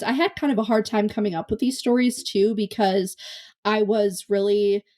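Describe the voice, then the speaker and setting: A young adult woman hosts a casual solo podcast, chatty and self-deprecating, rambling through stories and restarting often. Her mid-range voice is a little mellow and slightly worn from talking, picked up by a close podcast mic on camera.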